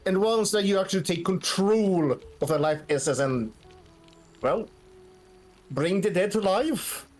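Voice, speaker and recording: A woman's voice: medium pitch, animated, a little slow, a little mellow, faint music behind. A woman casually chatting as a co-player on a game stream, reading out the chat. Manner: chatty, reads chat aloud.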